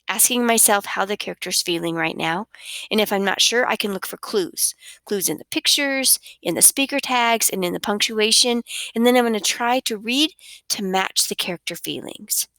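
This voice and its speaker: Expressive woman teacher, lively voice. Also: mid-range voice, no room sound. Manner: expressive, sing-song teacher delivery. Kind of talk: recorded reading lesson for children.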